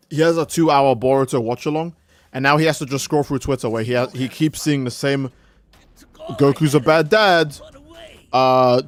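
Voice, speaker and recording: A man streaming a game, rambling in casual, profane commentary and acting out little skits of people. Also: medium pitch. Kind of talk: casual let's-play commentary.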